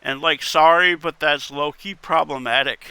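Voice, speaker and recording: A man's voice: a little high, moderate pace, pushed and bright, clear, resonant tone, dry recording. A man reading internet posts aloud in casual commentary, wry and muttering, with casual swearing. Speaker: content creator reading posts.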